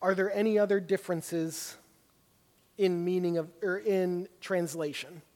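A man's voice: high-pitched, fairly even intonation, measured pace, warm tone, in a large hall. A man leading a Bible study class, talking conversationally with many fillers. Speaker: class teacher.

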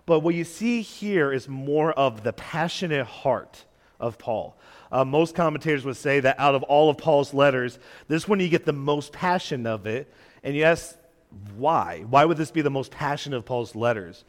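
A young man preaches to a congregation in a loose, conversational way, acting out quoted voices and joking with the people in the pews. His voice sits a little high for a man. The sound carries a long church reverb. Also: animated, moderate pace. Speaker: guest preacher. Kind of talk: sermon. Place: church sanctuary.

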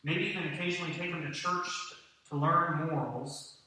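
Delivering a sermon to his congregation, this male pastor has a slightly high voice that is pushed and bright, keeping a steady tone at a moderate pace. He talks conversationally and asks the listeners questions, captured from afar in an echoey hall.

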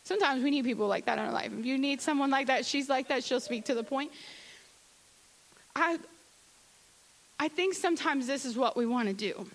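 A woman's voice: high voice, normal speed, pauses often, low-quality recording. A woman giving a candid, conversational church testimony, acting out her own asides. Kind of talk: sermon testimony.

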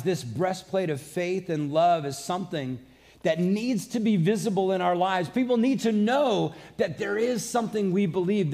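A man's voice: sits high, vocal fry, a little mellow. A man preaching a sermon, earnest and conversational, mixing scripture with personal stories. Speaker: pastor.

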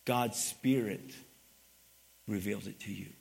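A man preaching a sermon, moving from quiet teaching to loud, emphatic passages and asking the congregation for responses. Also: lowish voice, steady tone, unhurried, gravelly, slightly rough. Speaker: pastor.

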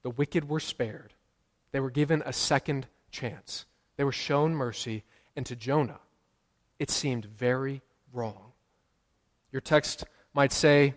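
A man's voice: mid-range voice, fairly even intonation, slow pace. A man preaching a sermon as pastor, emphatic and repeating his key lines for weight. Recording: long hall reverb.

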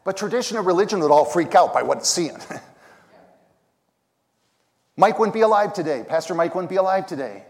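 A man preaching a sermon, telling stories, singing lines of worship songs and building to shouted calls. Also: sits high, animated, fairly quick, pauses often. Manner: storytelling, sings lines of songs, rises to shouts. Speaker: pastor. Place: church sanctuary. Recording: long hall reverb.

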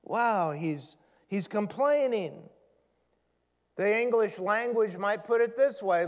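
A man's voice: high voice, lively intonation, takes it slowly. A man preaching a sermon in a conversational way, reading scripture aloud with dramatic emphasis. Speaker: pastor. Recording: long reverb of a large hall.

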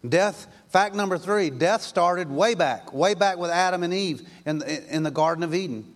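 A man's voice: high-pitched, moderate pace, few pauses. A male pastor preaching a sermon in an emphatic, repetitive way, with rhetorical questions.

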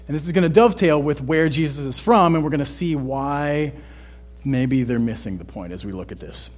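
A man's voice: on the high side, darkish tone. A man from Texas, with no regional accent, preaching a sermon in a conversational way and often checking in with "right?". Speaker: pastor.

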